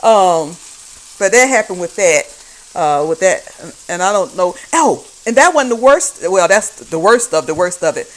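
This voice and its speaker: A woman's voice: lowish voice, animated, normal speed, low-quality recording. A woman hosting a casual talk stream, commenting in a chatty, folksy way with frequent laughs and trailing fillers while she cooks in her kitchen. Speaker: host commenting on church videos. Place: home kitchen while cooking. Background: faint frying and sizzling.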